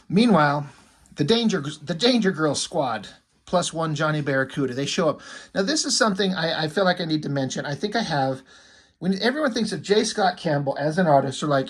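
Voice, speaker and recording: A man's voice: on the high side, expressive, moderate pace. A man rambling casually through a comic book review, enthusiastic and profane.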